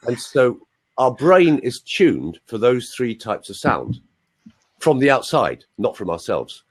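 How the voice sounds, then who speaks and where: A man's voice: mid-range voice, big pitch swings, slow, husky. A male voice coach explaining techniques on an online call, with joking asides. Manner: explanatory, demonstrates sounds, jokey asides. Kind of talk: teaching on a group call.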